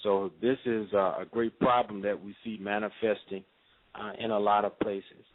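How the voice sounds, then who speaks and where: A man speaks as a radio interview guest in a measured, preacherly cadence, with many pauses and fillers. His voice sits fairly low. The sound is thin and narrow, as heard over a phone line. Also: level tone.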